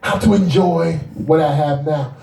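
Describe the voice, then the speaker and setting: A middle-aged male pastor preaching a sermon, mixing folksy asides with rising shouts and call-and-response. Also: fairly high pitch, a little slow, gravelly, distant mic. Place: church sanctuary. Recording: echoey church hall.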